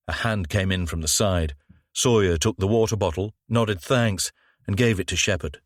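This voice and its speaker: A man with a low voice narrating a crime novel at a measured, even pace. He reads on a close microphone. The recording is very dry with no room sound. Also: no echo. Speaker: audiobook narrator. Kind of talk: scripted narration.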